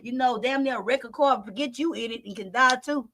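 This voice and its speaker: Woman, reaction host, casual chat, high pitch, animated. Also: brisk, no echo. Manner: animated, chatty, reads out viewer comments. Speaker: host reacting to a storytime video.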